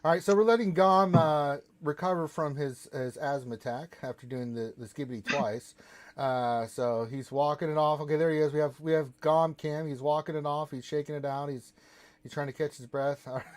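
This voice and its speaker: A man's voice: fairly high pitch, fairly even intonation, moderate pace. A man co-hosting a live stream who jokes around and reads out donations. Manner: jokey, drops growled pirate noises. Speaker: stream co-host. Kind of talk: casual stream chat.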